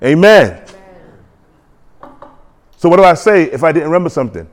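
Male preacher, slightly high voice, exhorting call-and-response sermon style with emphatic rising declarations. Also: brisk, pauses often. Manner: builds to excited, emphatic declarations.

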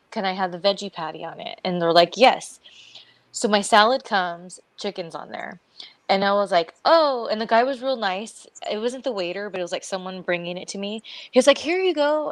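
A woman's voice: medium pitch, no room sound. A woman co-hosting a podcast, telling a long story in casual chat, acting out what people said and laughing often. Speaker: podcast co-host.

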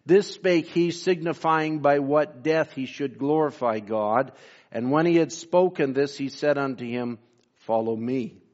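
A man preaching a sermon, pausing often with fillers and reading scripture in old-style wording. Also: on the high side, muffled recording. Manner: slow, halting delivery with many fillers, reads scripture in King James wording. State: briefly emotional. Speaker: pastor.

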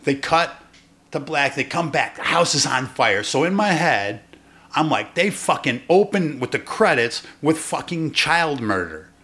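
A man co-hosting a casual movie podcast who retells scenes with lively reactions and frequent swearing. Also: on the high side, a little slow. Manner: animated storyteller, profane, acts out reactions. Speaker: podcast co-host. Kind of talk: casual movie review chat.

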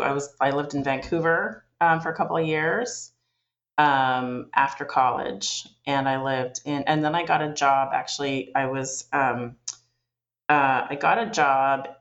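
A woman's voice: rumbling low, fairly bright tone, highs cut off. A Canadian woman chatting in an interview, rambling through stories with lots of fillers and restarts. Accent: Canadian English. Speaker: interview guest. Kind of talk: casual storytelling interview.

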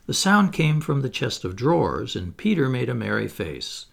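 Male audiobook narrator, expressive children's storytelling, gravelly and husky, lively melody. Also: medium pitch, moderate pace, hardly any pauses. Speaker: audiobook reader.

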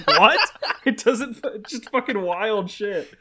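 A man's voice: high-pitched, takes it slowly, pushed and bright, slightly rough. Laughing, swearing podcast co-host man. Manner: laughs often, swears freely. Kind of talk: casual podcast banter.

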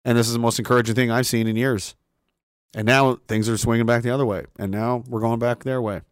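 A man's voice: medium pitch, fairly even intonation, fast talker, clean tone, no echo, clean studio sound. A man delivering a casual, profane rant, mocking and laughing often. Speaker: commentator.

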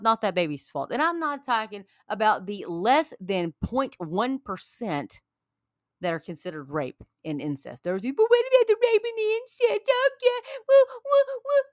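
A woman's voice: lowish voice, no room sound. Woman, angry rant, preachy, repetitive, heated, dry close sound. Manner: heated, preachy, repeats herself. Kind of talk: angry political rant to viewers.

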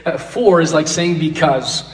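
A man's voice: a little high, measured pace. A man leading an interactive Bible lesson, asking the class questions and repeating key phrases. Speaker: Bible teacher. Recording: roomy echo, distant mic.

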